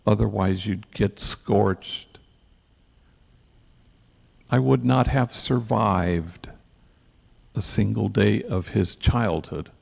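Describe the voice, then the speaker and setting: A man's voice: fairly low pitch, extremely slow, gravelly, pauses often, slightly rough. A man, a priest, telling an earnest story at an event, sprinkling in Spanish slang, in a hall with long reverb.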